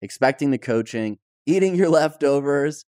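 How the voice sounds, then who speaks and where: A man's voice: a little high, moderate pace, no echo, clean studio sound. Conversational man interviewing on a podcast. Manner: conversational, animated when retelling. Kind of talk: interview, recounting a shared story.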